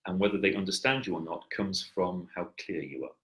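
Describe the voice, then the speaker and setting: Low-voiced man coaching. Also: a little fast, fairly bright tone, dull audio. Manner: explanatory, wry and dry-humored. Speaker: presentation coach. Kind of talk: coaching feedback chat. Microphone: headset.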